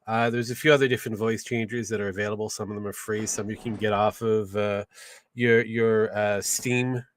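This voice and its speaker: A man's voice: on the low side, level tone, moderate pace. A man co-hosting a stream, talking casually and hesitantly with lots of fillers and trailing off. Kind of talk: casual livestream chat.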